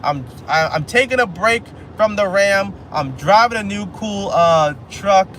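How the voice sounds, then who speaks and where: A man's voice: high-pitched, expressive, a little slow, a bit bright. A man live streaming while he drives, rambling casually and joking at himself. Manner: rambling, self-joking, repeats phrases. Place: inside a car on a highway. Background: faint road and car noise.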